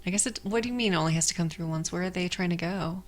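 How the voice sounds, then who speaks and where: A woman's voice: on the low side, fast. A woman co-hosting a TV podcast in casual chat, asking questions and apologizing for tangents. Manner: curious, apologetic interjections. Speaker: podcast co-host.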